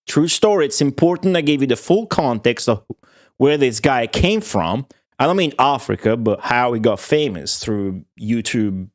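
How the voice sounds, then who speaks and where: A young man, telling a long, profane story to his stream viewers in a rambling, laughing way. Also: on the low side. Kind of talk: casual rant to stream viewers.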